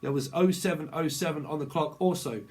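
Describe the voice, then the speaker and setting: A man giving a tarot reading, rambling quickly and bluntly with slang and swearing. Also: fairly high pitch. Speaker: tarot reader. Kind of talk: channeled tarot reading monologue.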